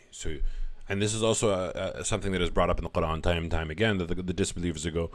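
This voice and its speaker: Man, very low voice, casual scripture commentary, thinks out loud. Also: fairly quick. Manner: thinks aloud, self-deprecating chuckles. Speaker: religious commentator.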